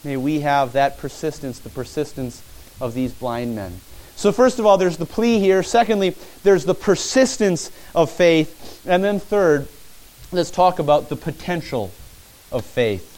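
A man's voice: fairly high pitch, a little slow, darkish tone, low-quality recording. A man preaching a sermon as pastor, earnest and repetitive, often addressing the listeners as friends.

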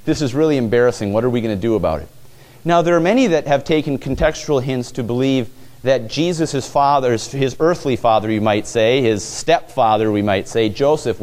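Conversational male preacher, slightly high voice. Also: darkish tone. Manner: conversational, questioning the congregation; frequent stumbles and repetitions. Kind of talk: sermon.

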